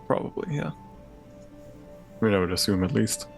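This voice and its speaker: A man player talks casually during a tabletop game, laid-back and quick to swear. His voice sits fairly low, and faint music plays behind him. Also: lively intonation, creaky. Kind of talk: casual play chat.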